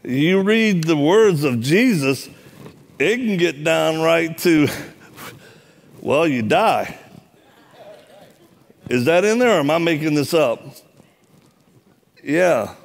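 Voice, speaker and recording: Slow and gravelly with a slightly high pitch, a middle-aged man pauses often as he preaches in church. He livens up the sermon with funny stories, acting out the other people's dialogue in a joking, animated way.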